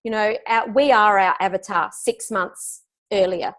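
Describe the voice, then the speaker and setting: A woman's voice: medium pitch, measured pace, a bit bright. A middle-aged woman, a business coach answering interview questions in an upbeat, emphatic way over a video call. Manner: upbeat, emphatic, laughs easily.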